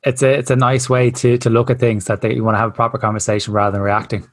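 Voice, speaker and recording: A man's voice: medium pitch, level tone, fast talker, no room sound. A man hosting a podcast, easygoing, asking long rambling questions. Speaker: podcast host. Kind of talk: casual interview chat.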